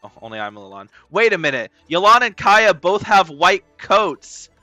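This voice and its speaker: A man streaming a game, chatting casually in a playful, rambling way with swearing and sudden loud excited outbursts. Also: high-pitched, moderate pace, no room sound, faint music behind. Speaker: gaming streamer. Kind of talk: casual live gameplay commentary.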